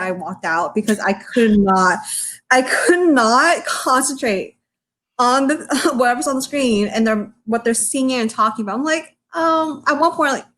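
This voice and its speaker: A woman's voice: fairly high pitch, fairly bright tone. Chatty woman full of "like"s. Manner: chatty, laughing, heavy use of "like". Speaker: podcast co-host. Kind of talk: casual chat.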